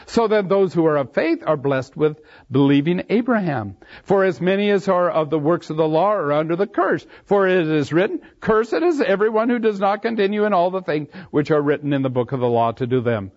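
A man delivers expository Bible teaching, reading scripture and explaining each verse while pressing hard on key phrases. His voice is high with a darkish tone, and he's animated and a little fast, barely pausing. The sermon recording is dull and lo-fi.

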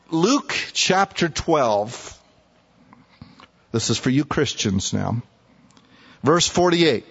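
A man's voice: on the high side, big pitch swings, very slow, creaky, long pauses, fairly bright tone, slightly rough. A man preaching a sermon in a folksy way, acting out scripture characters in casual, everyday voices. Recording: muffled, echoey hall.

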